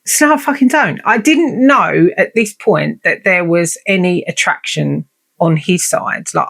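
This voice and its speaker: A chatty woman hosts her own podcast and tells a long personal story. She talks in a blunt, sweary and self-mocking way. Her voice has a gravelly fry to it. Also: fairly low pitch, a bit bright. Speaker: podcast host. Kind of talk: casual storytelling monologue.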